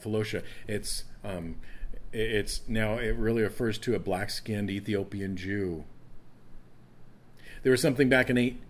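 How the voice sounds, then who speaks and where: A man's voice: mid-range voice, darkish tone. A man teaching a Bible passage as a pastor in an evening sermon, earnest, with emphatic stresses and scripture read aloud.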